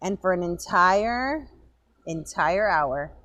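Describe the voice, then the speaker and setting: A woman's voice: on the low side, animated, slow pace, fairly bright tone, a little hiss or hum. Playful chatty woman co-host. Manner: playful, interrupting, joking. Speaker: podcast co-host. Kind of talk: casual chat. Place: hotel lobby.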